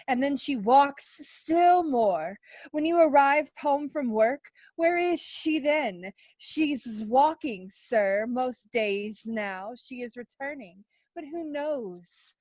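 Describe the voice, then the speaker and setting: A woman's voice: on the high side, no room sound. A woman voicing a meddling talking snake that speaks in a flowery, insinuating way, in an audio theater play. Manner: flowery, insinuating, slow and deliberate.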